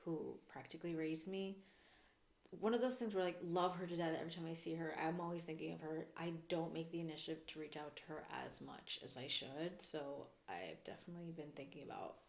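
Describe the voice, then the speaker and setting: A woman co-hosting a podcast in casual chat, telling family stories with warmth and giggles. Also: low voice, a little fast, gravelly. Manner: warm, giggly storytelling. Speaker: podcast co-host. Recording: echoey room.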